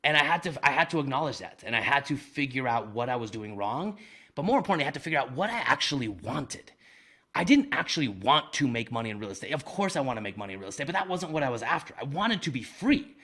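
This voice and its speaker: A man telling a personal story as a podcast guest, animated and self-deprecating, with casual slang like "man" and "dude.". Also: medium pitch, fast talker. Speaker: guest, real estate investor. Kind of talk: conversational storytelling.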